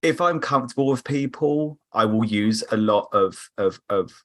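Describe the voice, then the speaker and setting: A man's voice: lowish voice, a bit bright. Chatty Croydon man. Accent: South London (Croydon). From England. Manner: chatty, quick, laughs easily. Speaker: podcast guest. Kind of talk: casual chat over a remote call.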